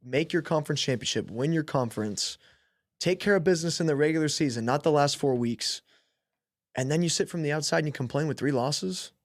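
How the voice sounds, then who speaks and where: Male co-host, slightly high voice, firm casual sports talk, dry sound. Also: a little fast, no echo. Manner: agreeing, chiming in, then making a firm point. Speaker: podcast co-host.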